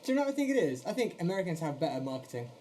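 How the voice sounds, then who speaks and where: A woman's voice: on the low side, big pitch swings, very fast, warm tone, slight background noise. A woman co-hosting a podcast, teasing and laughing often in casual chat. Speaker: podcast co-host.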